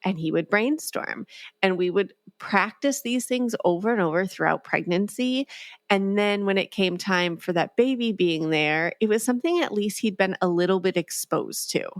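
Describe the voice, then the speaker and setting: A woman guest and emotional development expert, speaking in a calm, measured way on a podcast interview, with a gentle tone when she quotes herself talking to a child. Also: medium pitch, dry recording.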